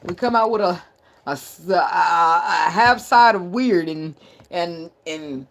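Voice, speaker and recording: A woman's voice: fairly low pitch, slow. A woman giving a casual tarot reading, blunt and profane, who laughs a lot and riffs in playful asides. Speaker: tarot reader.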